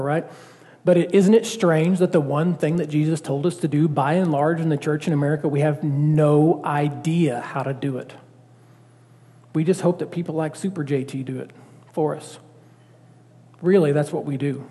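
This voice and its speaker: A male pastor preaches in a loose, conversational way and keeps asking the congregation questions. His voice sits slightly high and sounds mellow. A long reverb from the church hall hangs after his phrases. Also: a little fast. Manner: conversational, animated, full of rhetorical questions. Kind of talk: sermon.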